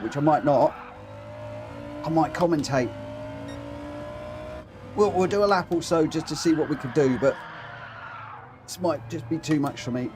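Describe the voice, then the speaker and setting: A chatty man talks over his own live racing stream, his voice sitting a touch high and his asides self-mocking. Faint game noise hums behind him. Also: unhurried, long pauses. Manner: chatty, self-mocking, reads out chat and chuckles. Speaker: livestream host running online racing lobbies. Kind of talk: casual live gameplay chat.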